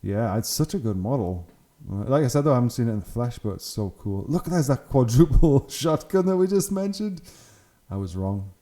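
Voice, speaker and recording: Chatty man with a very dark voice. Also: mid-range voice, animated, moderate pace. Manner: chatty, enthusiastic, laughs often. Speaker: channel host. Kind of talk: casual commentary on hobby photos.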